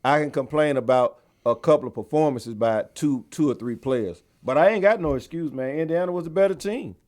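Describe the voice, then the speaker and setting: A man's voice: fairly high pitch, fairly quick, darkish tone. A man co-hosting a sports podcast in casual banter, heated trash talk, dropping "man" again and again. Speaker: podcast co-host.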